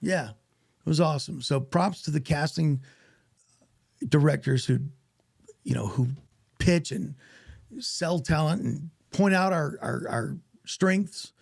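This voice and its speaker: A man, an actor guest on a podcast, telling stories in a casual, animated way and acting out what others said. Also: on the high side, slow pace, gravelly, long pauses, dry recording, studio quality. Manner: animated, acts out quoted voices. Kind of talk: casual storytelling interview.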